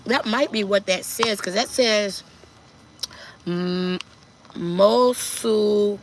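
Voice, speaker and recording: Woman host of a casual live stream, chatty, mid-pitched, answers her chat. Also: slow pace, a bit bright, a little hiss or hum, poor audio. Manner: chatty, reads viewer comments aloud and answers them. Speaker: livestream host.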